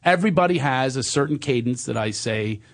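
A man telling stories in casual chat, animated and quick to slip into silly voices. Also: medium pitch. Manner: animated storyteller, slips into silly friend voices.

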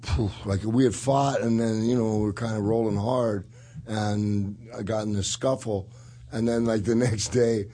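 A man's voice: fairly low pitch, steady tone, measured pace, mellow. A man hosting a casual talk show, telling rambling stories and laughing often. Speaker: podcast host and retired wrestler. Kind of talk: casual chat.

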